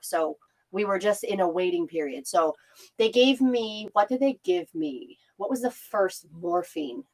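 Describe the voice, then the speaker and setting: A woman's voice: mid-range voice, rough recording. Young woman, casual podcast storyteller, blunt and profane, laughs often, mid-range voice. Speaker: podcast co-host. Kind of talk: casual chat.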